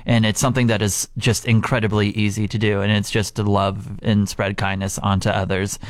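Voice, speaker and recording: A man's voice: on the low side, level tone, brisk, no echo, studio quality. Upbeat man co-hosting morning radio. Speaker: radio show co-host. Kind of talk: casual morning radio chat.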